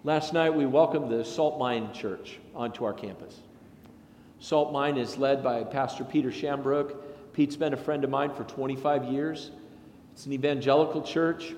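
A man, a pastor, delivering a sermon in a chatty, anecdotal way with lively asides. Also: mid-range voice, normal speed, slight background noise. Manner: conversational and anecdotal, with animated asides. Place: large church sanctuary. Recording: echoey sanctuary with long reverb.

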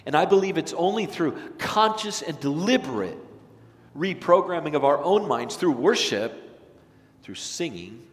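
Lively male pastor in a reverberant sanctuary. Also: fairly high pitch, normal speed. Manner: animated, swings from loud to hushed. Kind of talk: sermon. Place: church sanctuary. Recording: long reverb of a church sanctuary.

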